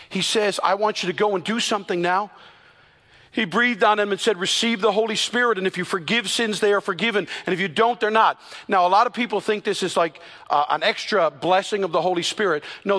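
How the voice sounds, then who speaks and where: A man preaching a Sunday sermon as a pastor, emphatic, slowing down to stress the scripture he quotes. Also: high-pitched, pushed and bright, in a large hall. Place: church sanctuary.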